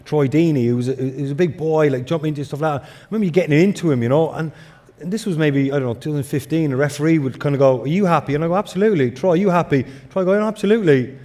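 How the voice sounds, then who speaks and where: A man who used to play the game, talking football in a casual, animated way, full of fillers and restarts. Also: a little high. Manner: animated, quick storytelling with repeated fillers. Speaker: pundit, former player.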